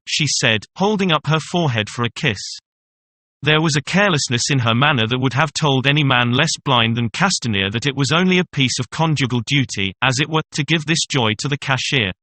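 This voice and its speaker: A man giving a measured, formal reading of a classic story as the narrator. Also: medium pitch, bright, forceful tone. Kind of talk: scripted audiobook narration.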